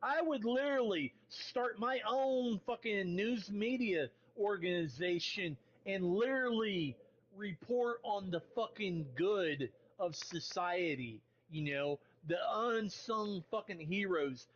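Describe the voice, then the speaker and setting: High-voiced man ranting over voice chat. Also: expressive, slow, dull audio, a little hiss or hum. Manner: rambling, profane rant. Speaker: stream guest. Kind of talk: casual chat in voice call.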